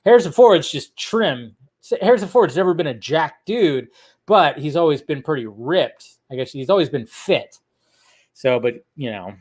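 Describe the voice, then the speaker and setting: A man hosting a casual movie news livestream, rambling loosely and laughing often as he swears. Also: a little high. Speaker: movie news channel host.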